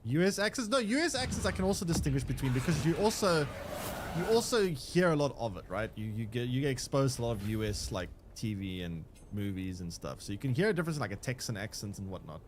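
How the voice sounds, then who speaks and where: A young South African man streams a game and chats casually with his live chat, rambling along with restarts and fillers. He talks fast in a medium-pitched, sing-song voice. There's a slight hiss or hum in the recording.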